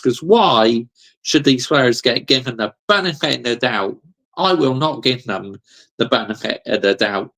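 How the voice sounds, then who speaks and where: A man's voice: medium pitch, vocal fry, a bit bright. A man hosting a football channel, ranting heatedly in a live reaction stream, swearing and breaking into laughter as he reads chat.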